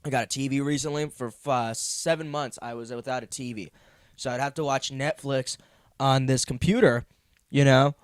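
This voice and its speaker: A man's voice: mid-range voice, fairly even intonation, moderate pace, smooth, dry recording, studio quality. A young man hosting a comedy podcast, ranting in a meandering, profane, self-deprecating way. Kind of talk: rambling comedic monologue.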